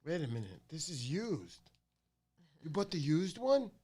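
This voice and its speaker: A man's voice: a little high, sing-song, measured pace, darkish tone, breathy edge. A middle-aged man hosting a fishing channel livestream, chatting casually and joking with viewers.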